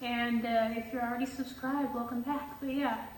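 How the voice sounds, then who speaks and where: A woman who reads tarot, telling a story in casual vlog chat, animated and full of filler words and swearing. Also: a little high, normal speed, roomy sound, far from the mic, slight background noise, poor audio. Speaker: tarot reader.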